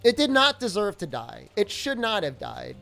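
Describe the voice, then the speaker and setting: Faint music sits behind a woman's mid-range, vocal-fry voice as she talks at a moderate pace during a gaming stream. She's jokey and animated, casually answering her chat out loud.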